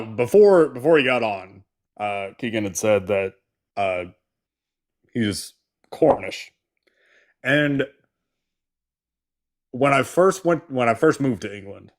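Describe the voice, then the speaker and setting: A man hosting a talk stream in a somewhat low voice. He tells loose, rambling stories, stopping and restarting with plenty of fillers. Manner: rambling storyteller, many fillers. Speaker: host. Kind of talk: casual chat on a live stream.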